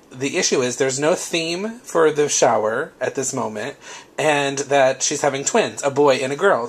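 A man's voice: mid-range voice, creaky, a bit bright, slightly rough. A man hosting a casual craft tutorial, explaining step by step while recovering from a cold. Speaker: craft video host.

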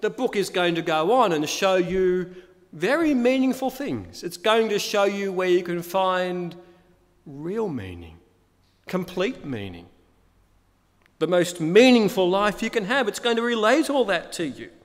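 A man's voice: high voice, expressive, unhurried. A male pastor preaching a sermon, emphatic, repeating key phrases and asking rhetorical questions. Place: church. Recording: long reverb of a church hall.

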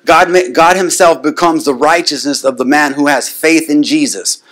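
A man's voice: on the high side, normal speed, a bit bright. A man preaching a sermon, punctuating lines with "amen?" and building into insistent, repeated declarations. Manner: call-and-response, frequent "amen?" to the congregation; builds to rising, insistent repetition.

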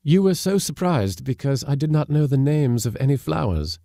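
A man reading aloud, voicing an earnest, self-assured gentleman who speaks intimately of the past. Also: mid-range voice, big pitch swings, normal speed, gravelly, no room sound, pitched above the performer's own voice.

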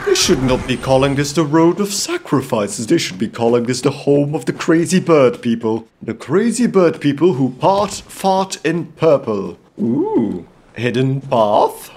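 A man's voice: a little high, very animated, a little slow, a little mellow. A man from Belgium doing in-character gameplay commentary, theatrical and playfully gallant, with comic outbursts. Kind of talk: in-character let's-play commentary.

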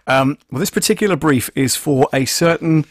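A man hosting a live stream, casually explaining audio software and thinking aloud as he works. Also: a little high, normal speed, dry recording, clean studio sound. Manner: chatty, thinking aloud with many fillers.

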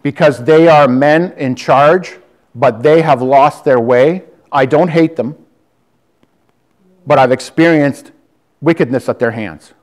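Defiant lay preacher, male, fervent, slightly raised pitch. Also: takes it slowly, darkish tone. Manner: fervent, defiant, addresses listeners as brother and sister. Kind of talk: preaching to a congregation. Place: church hall with audience.

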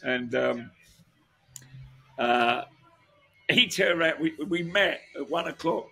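A man in his sixties tells long, winding stories as an interview guest, circling back with restarts and asides. His voice is gravelly and husky, with a bright, forceful edge. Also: a little high, expressive, slow. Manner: rambling, many restarts and asides. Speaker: guest musician. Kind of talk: casual storytelling interview.

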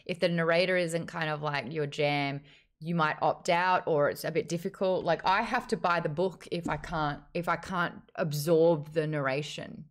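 A woman hosting a casual livestream book chat, talking in a chatty, animated way and reading viewer messages aloud. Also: low-pitched, normal speed. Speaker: host.

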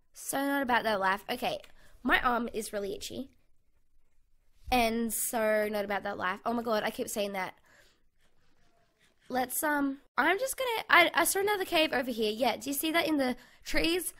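A woman's voice: fairly high pitch, expressive, moderate pace, pushed and bright. A young Australian woman chatting casually in her bedroom as she plays through a survival game, bubbly and thinking aloud. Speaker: gaming channel host. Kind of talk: casual gameplay commentary. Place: home bedroom. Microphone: USB condenser mic.

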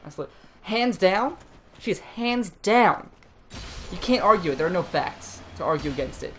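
A woman's voice: on the low side, normal speed, a bit bright, a little hiss or hum. A woman co-hosting a casual gaming show, reading aloud with sarcastic mock enthusiasm. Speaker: co-host.

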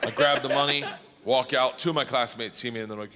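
Comedian guy telling stories on stage, bright voice, big echoey hall. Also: medium pitch, quick pace. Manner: animated, shouting punchlines. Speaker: stand-up comedian. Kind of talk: stand-up storytelling. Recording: live comedy hall reverb, faint noise.

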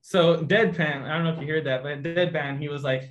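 A man with a fairly high voice casually recounts an anecdote about his painting, acting out each character's lines as he goes. His delivery is loose, full of fillers, and animated. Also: a little fast, hardly any pauses. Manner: animated anecdote teller, acts out voices in quotes. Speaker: guest artist giving a painting demo. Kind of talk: casual storytelling to a video call audience.

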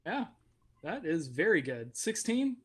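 A man's voice: high-pitched, sing-song, unhurried, a bit bright, a little hiss or hum. A man from Virginia narrating as game master of a tabletop game, rambling and self-mocking.

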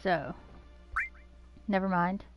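Talking to herself as she plays, a woman game streamer gives casual, giggly, chatty commentary in a lowish, slow voice. Game music runs in the background.

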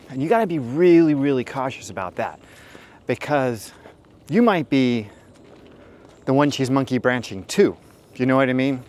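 A man's voice: mid-range voice, slight background noise. A middle-aged man giving dating advice as a host, telling stories in a casual, rambling way with frank, profane asides and many fillers. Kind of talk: casual storytelling monologue.

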